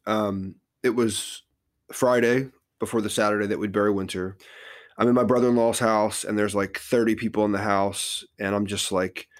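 Middle-aged guy on a podcast, lowish voice, earnest reflective storytelling, lots of "like"s. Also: fairly even intonation, normal speed. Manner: earnest and reflective, many "like" fillers. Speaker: podcast guest, author. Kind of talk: podcast interview, personal storytelling.

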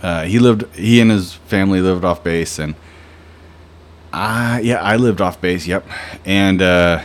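In a relaxed podcast, a young male host tells wandering, crude stories loaded with fillers. His voice sits low and his delivery is a little slow.

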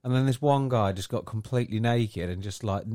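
A man's voice: medium pitch, a little fast, warm tone. A man in a casual podcast chat, telling a story loosely and packing it with fillers.

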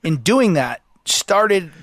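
Male host, lively high pitch, teasing banter, dry close recording. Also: slow pace, dry recording. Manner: playful teasing, quoting lines in mock voices. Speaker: podcast host. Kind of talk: casual podcast chat.

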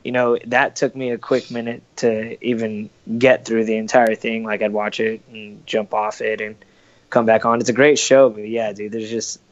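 A man's voice: fairly low pitch, flat delivery, normal speed, muffled recording. A man telling a rambling, profane story in casual podcast chat. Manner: profane, rambling, acts out quoted voices.

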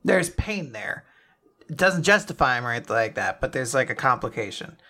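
A man co-hosting a casual podcast who reacts to his partner's story with quick, excitable interjections. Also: medium pitch. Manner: reactive, chimes in with quick comments and gasps. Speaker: podcast co-host. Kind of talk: casual chat.

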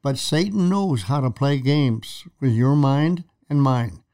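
A man's voice: mid-range voice, animated, slow pace, dark tone, clear, resonant tone. A man co-hosting a faith talk show, retelling Bible stories and acting out quoted lines with dramatic emphasis. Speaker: preacher co-host. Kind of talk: conversational Bible teaching.

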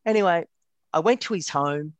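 An Australian man, a retired wedding photographer, telling lively stories in an interview with frequent repeated words. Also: fairly high pitch, moderate pace, no room sound. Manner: animated, lively anecdotes with stammered repeats. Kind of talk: casual storytelling.

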